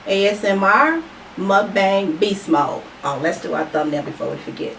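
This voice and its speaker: A woman's voice: mid-range voice, normal speed, gravelly. A woman hosting a mukbang video, chatting casually and colloquially as she eats, laughing often. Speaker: mukbang host. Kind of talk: casual chat while eating. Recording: roomy, distant mic with loud background noise.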